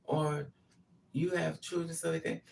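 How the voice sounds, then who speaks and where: A woman tells a personal story in a casual, blunt and profane manner. Her voice is gravelly, with a laugh now and then. She sits a bit away from the mic. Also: sits low, little pitch movement, unhurried, a little mellow, recorded from a distance, a little hiss or hum. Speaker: vlogger telling a personal story.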